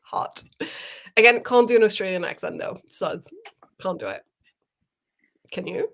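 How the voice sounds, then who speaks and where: A woman chatting on a live stream over a video call, medium-pitched and easygoing. She laughs often and reads viewers' comments aloud between remarks. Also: big pitch swings, moderate pace, creaky, fairly bright tone. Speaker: co-host of writing sprint stream. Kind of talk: casual chat.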